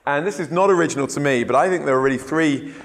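A man giving a relaxed, conversational training talk as an evangelism trainer, with frequent ums and uhs. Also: on the high side. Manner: relaxed, unhurried, filler-laden. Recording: long hall reverb.

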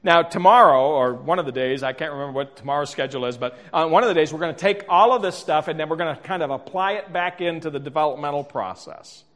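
Speaking quickly with few pauses, a middle-aged man leads a workshop as a storytelling conference talk. His voice sits a bit high and is somewhat bright. His stories are self-deprecating and full of restarts, and the sound echoes as in a reverberant lecture hall.

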